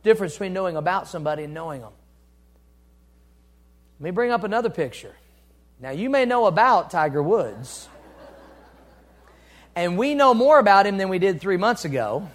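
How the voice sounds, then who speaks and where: High-voiced man preaching a sermon. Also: big pitch swings, normal speed, long pauses. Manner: earnest, swings between loud urging and quiet asides. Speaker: pastor.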